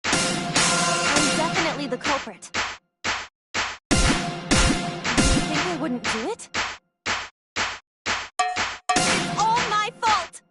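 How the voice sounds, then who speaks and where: A woman's voice: high voice, very animated, drawn-out words, long pauses, over loud music, heavily acted. An actress voicing an anguished teenage girl accused of murder in a video game, talking in a pleading, emotional way. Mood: despairing.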